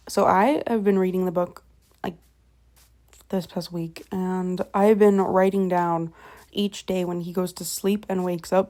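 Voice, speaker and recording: A woman's voice: mid-range voice, dark tone. A young woman retelling a book in a casual, rambling way, swearing freely and often correcting herself. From Canada. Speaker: vlogger.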